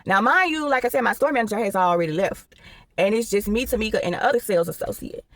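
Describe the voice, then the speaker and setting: A woman's voice: mid-range voice, animated, fast talker, no room sound. A young woman tells a casual storytime, rambling along and tossing in "or whatever" asides.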